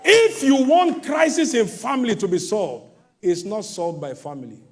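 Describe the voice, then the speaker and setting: A middle-aged pastor delivers a sermon at a moderate pace in a high, lively voice that jumps across its whole range. He bursts into sudden shouts, then sinks low, mockingly mimicking the proud people he warns about.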